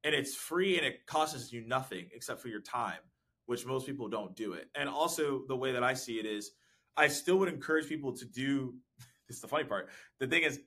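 A man's voice: medium pitch, expressive, a little fast, pushed and bright. A man being interviewed on a podcast about sales outreach, talkative and laughing often. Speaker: podcast guest, sales professional. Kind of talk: casual interview chat. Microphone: desk mic with content gear.

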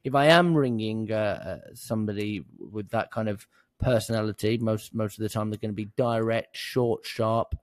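A man's voice: on the low side, dry recording. Jokey London man, dry close sound. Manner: chatty and joking, with quick restarts. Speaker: podcast co-host. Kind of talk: casual chat.

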